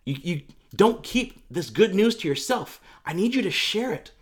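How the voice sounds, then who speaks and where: A man voicing a tender, gentle Jesus. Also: fairly high pitch, wildly swooping pitch, a little fast. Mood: urgent. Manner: soft, reassuring, pleading.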